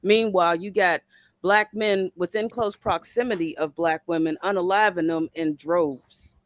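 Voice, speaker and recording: Brief: fairly high-voiced man, emphatic panel guest, dry close recording. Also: steady tone, moderate pace, no room sound. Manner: emphatic, repeats words when heated. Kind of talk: casual chat.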